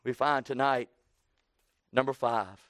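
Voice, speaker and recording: A man preaching a sermon, building to loud emphatic runs and dropping low, with folksy plain phrasing. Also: slow pace, no room sound, clean studio sound. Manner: preaching with swelling emphasis and sudden drops.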